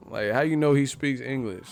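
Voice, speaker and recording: Profane man hosting a casual live stream. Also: on the low side. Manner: profane, laughing often, reacting to chat.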